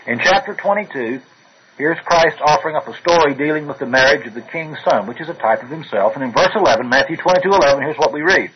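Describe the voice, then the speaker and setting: Male preacher, slightly high voice, emphatic scripture reader, on a dull lo-fi radio tape. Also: lively intonation, quick pace. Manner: emphatic, rises when reading scripture aloud. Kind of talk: sermon.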